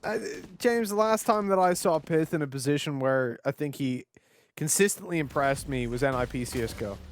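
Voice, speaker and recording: An Irish man doing esports color commentary in an animated, chatty way. He jokes with his partner between plays. His voice sits a touch higher than most men's. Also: a little fast. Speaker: esports caster.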